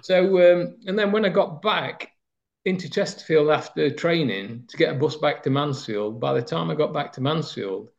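In a reminiscing interview, a man from Nottinghamshire, England, tells rambling stories of his footballing past, using lots of fillers. His voice is fairly high and creaky, with lively intonation at a moderate pace. Sound quality is slightly dull and lo-fi.

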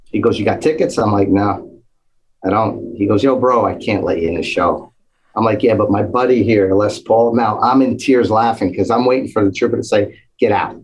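A man with a low, slightly husky voice tells a long anecdote in relaxed conversation. He acts out the people in the story, jumping higher for their lines. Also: moderate pace, low-quality recording. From New Jersey. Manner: animated storyteller acting out quoted voices. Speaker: guest storyteller. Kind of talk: casual anecdote telling.

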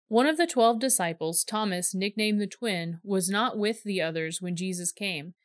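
A woman reading a scripture story aloud in steady, measured narration. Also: medium pitch, dry recording, clean studio sound. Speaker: reader.

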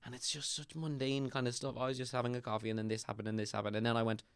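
Young irish man, actor guest, rambling animated storyteller, dry close mic. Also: medium pitch, very fast, smooth, dry recording. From Ireland. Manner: rambling, animated storytelling with many fillers and restarts. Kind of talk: casual podcast chat.

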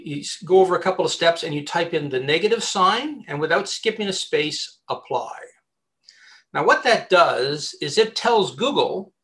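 A man with a slightly raised voice explains job-hunting tactics in a loose, conversational interview. He talks with lively energy, repeating words and restarting sentences as he thinks aloud. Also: high-pitched. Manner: animated, chatty, many restarts and repeated words. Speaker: headhunter giving job-search advice. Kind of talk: casual advice interview.

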